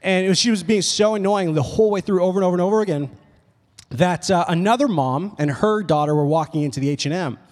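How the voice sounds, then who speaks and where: A young man preaching a casual, animated sermon, telling stories with lots of "like"s. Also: sits high, quick pace. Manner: casual, animated storytelling with many "like"s. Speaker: pastor. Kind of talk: youth sermon. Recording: long reverb of a hall.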